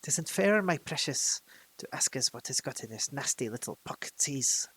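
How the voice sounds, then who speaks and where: A man's voice: mid-range voice, expressive, normal speed, a bit bright, husky. A man voicing a slimy, greedy male cave creature, in a hissing, whispery voice. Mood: hissing upset. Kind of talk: storybook reading.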